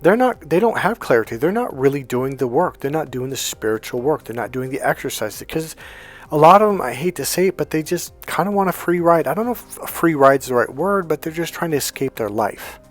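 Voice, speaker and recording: A man's voice: on the high side, lively intonation, a little fast. Conversational male coach, faint music behind. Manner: conversational, with frequent restarts and quoted dialogue. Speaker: dating and healing coach. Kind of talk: casual motivational monologue.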